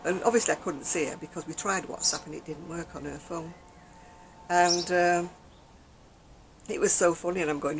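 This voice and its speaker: A woman's voice: fairly low pitch, steady tone, moderate pace, pauses often, slight background noise, low-quality recording. Chatty English woman outdoors. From England. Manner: chatty, rambling storyteller who laughs often. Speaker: crochet vlogger. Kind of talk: casual chat. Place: outdoors on a garden deck.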